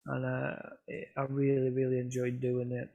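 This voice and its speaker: A man's voice: mid-range voice, completely flat delivery, moderate pace, vocal fry, no echo, narrow, tinny audio. A man telling chatty, self-mocking photography stories to a club over a video call. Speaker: photographer giving a club talk. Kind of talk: casual anecdotal presentation.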